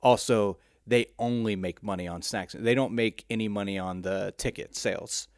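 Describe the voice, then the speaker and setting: Low-voiced young man, halting casual chat. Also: steady tone, no echo, clean studio sound. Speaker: podcast co-host.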